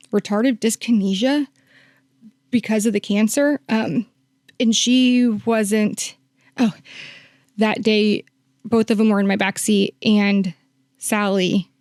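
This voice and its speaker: A woman's voice: mid-range voice, darkish tone, no echo, clean studio sound. A woman working as a hospice nurse, telling a long story in a podcast interview, with many fillers and quoted lines acted out.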